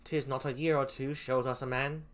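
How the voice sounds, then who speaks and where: A man voicing Desdemona, a gentle young noble wife, with an attempted English accent in an amateur Shakespeare reading. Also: mid-range voice, level tone, moderate pace, natural voice. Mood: pleading.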